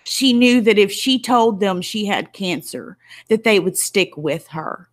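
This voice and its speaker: A woman's voice: mid-range voice, expressive, a little slow. A woman YouTuber giving an angry, emotional commentary, tearful and indignant as she talks. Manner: emotional, indignant, close to tears.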